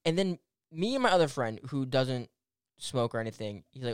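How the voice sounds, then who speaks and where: A man's voice: medium pitch, brisk, clean tone, dry recording, clean studio sound. A young man casually telling a rambling story full of fillers and restarts, swearing freely. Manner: animated, swears and laughs through the story.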